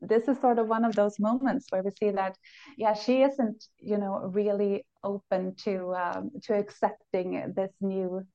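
A woman co-hosting a podcast, talking in a reflective, analytical way with halting pauses. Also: mid-range voice, fairly even intonation, dark tone, dull audio. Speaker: podcast co-host. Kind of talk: casual chat.

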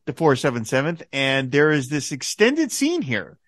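Male podcast host, bright and forceful tone, dry close mic, eager recapper. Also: mid-range voice, moderate pace, no room sound. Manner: enthusiastic, quotes dialogue in animated bursts. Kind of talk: casual podcast discussion.

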